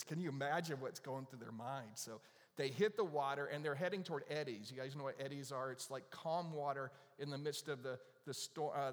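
A man preaching a conversational sermon, telling a story and asking the audience questions. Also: medium pitch. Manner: animated, asks the audience questions. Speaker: pastor. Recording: long reverb of a large hall.

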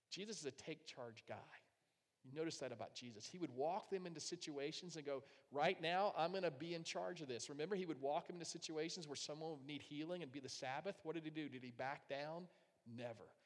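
A man preaching a sermon, emphatic, swinging from loud, driving swells to hushed, quiet asides. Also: medium pitch, in a large hall. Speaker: pastor.

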